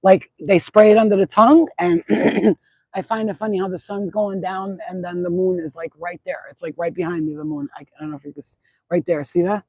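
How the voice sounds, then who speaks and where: A middle-aged woman who hosts a spiritual channel rambles in a casual outdoor livestream at sunset, swearing freely and repeating herself. Her lowish, mellow voice is brisk and steady, in a dry, low-quality recording.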